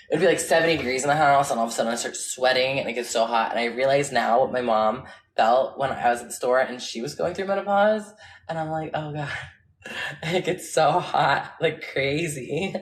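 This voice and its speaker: A woman chatting casually on a livestream, answering viewer comments in a candid, rambling way and laughing often, on a phone mic. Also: extremely low pitch. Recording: echoey room.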